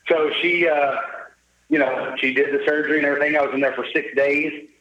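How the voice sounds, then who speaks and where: A man's voice: a little high, steady tone, fairly quick, muffled recording, crowd noise. Jovial man telling a story. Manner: upbeat, jovial storyteller who acts out quoted dialogue. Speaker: podcast guest. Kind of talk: casual storytelling interview.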